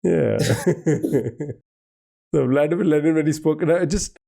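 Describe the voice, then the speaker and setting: A man's voice: on the high side, measured pace, gravelly, warm tone, slightly rough. A man hosting a quiz show in casual chat, patiently giving clues and laughing often. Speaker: quiz host.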